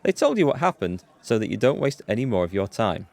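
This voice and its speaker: A man's voice: fairly low pitch, big pitch swings, fairly quick, creaky, a little mellow. A man reading the lines of a sly, challenging woman in a gang in a game. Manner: cutting, challenging. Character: cool, sly female gang member.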